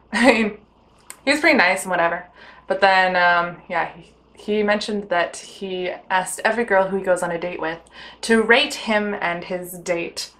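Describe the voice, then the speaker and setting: A woman's voice: lowish voice, a little slow, a bit bright. Giggly, chatty woman telling stories. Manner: giggly, chatty and self-mocking. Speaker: storyteller recounting bad dates. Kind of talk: casual vlog chat.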